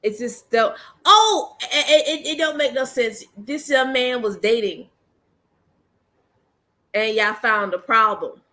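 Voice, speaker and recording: On her own commentary channel, a woman with a fairly high, sharp-toned voice speaks at a slow but animated pace. Her rant is blunt and emphatic, full of casual slang, and she keeps repeating her points.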